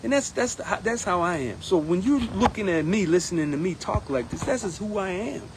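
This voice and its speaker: Animated man with a higher voice. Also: a little fast, noisy background. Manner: animated, acts out members' voices in quotes. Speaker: union steward running for president. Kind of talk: casual campaign monologue.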